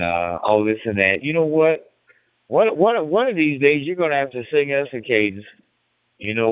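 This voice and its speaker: A middle-aged man from Illinois, an amateur radio operator chatting casually in a folksy, rambling way, repeating his words. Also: lowish voice. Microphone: radio transceiver mic. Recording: narrow, dry radio transmission.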